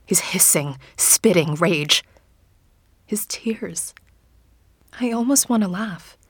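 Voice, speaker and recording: A woman narrating a first-person story in an audiobook, in a hushed, often whispered, intimate delivery. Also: lowish voice, expressive, slow pace, breathy edge, no echo, studio quality.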